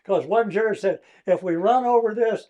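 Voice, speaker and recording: An older man with a Midwestern American accent, a retired trial lawyer telling courtroom stories in a casual interview, laughing often and acting out his own shouting. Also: sits high, moderate pace, dry recording, lo-fi sound.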